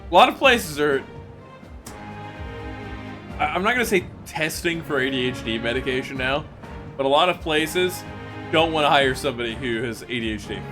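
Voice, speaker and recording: A man streaming a game, talking casually and profanely, venting in an animated way with loud mock outbursts. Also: fairly high pitch, moderate pace, long pauses, over music. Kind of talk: casual gaming stream commentary.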